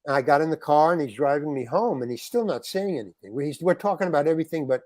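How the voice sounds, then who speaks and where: Male podcast guest, slightly high voice, animated storyteller who acts out the quotes, dry close mic. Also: quick pace, no room sound. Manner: animated, acts out other people's lines in quotes, frequent restarts. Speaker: interview guest, actor. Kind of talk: anecdotal storytelling in a podcast chat.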